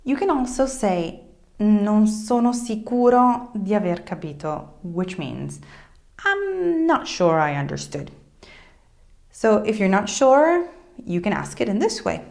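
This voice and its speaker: A woman speaking straight to camera in a friendly language lesson. She explains each phrase clearly and at an even pace, then says the example with bright, expressive intonation. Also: medium pitch, measured pace. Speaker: Italian language teacher.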